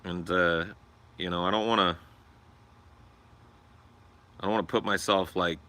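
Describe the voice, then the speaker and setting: A man's voice: deep voice, steady tone, measured pace, bright, forceful tone. A young man hosting a livestream, chatting casually in a crude, profane and joking way. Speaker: livestream host.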